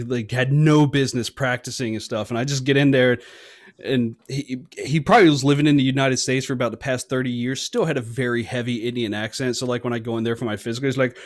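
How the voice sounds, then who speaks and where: A man's voice: medium pitch, dry recording, clean studio sound. A young adult man telling profane stories in casual chat, trailing off and laughing often. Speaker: army veteran.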